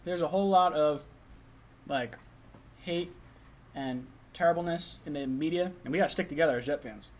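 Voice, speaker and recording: A man's voice: on the high side, normal speed, long pauses, a little hiss or hum. Chatty young guy eating on a stream. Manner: loose, chatty, eating while talking. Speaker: live stream host. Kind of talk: casual live stream chat reading chat messages.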